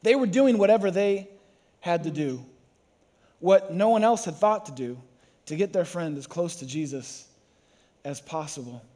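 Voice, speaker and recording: A man's voice: on the high side, animated, normal speed, pauses often, mellow. A man preaching a sermon to a congregation, who tells the story with energy and acts out the voices. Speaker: pastor.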